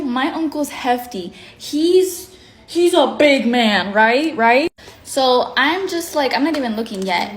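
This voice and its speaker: Brief: woman vlogger, slightly high voice, lively storytime delivery, acts out her own lines, flips between languages. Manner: mixes English and Spanish mid-sentence. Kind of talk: get-ready-with-me storytime vlog.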